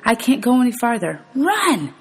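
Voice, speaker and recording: A woman's voice: on the high side, big pitch swings, normal speed, breathy edge, pitched above the performer's own voice, full character voice. A woman voicing a desperate mother urging her son to flee. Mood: urgent, pleading. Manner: urgent, pleading commands.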